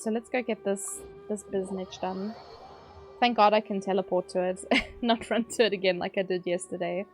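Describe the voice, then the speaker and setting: A chatty woman streams a game and talks with her viewers, tossing in fillers and laughing often. Her pitch sits in a middle range. Faint game music plays underneath. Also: steady tone, brisk, a little mellow. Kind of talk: casual chat while gaming.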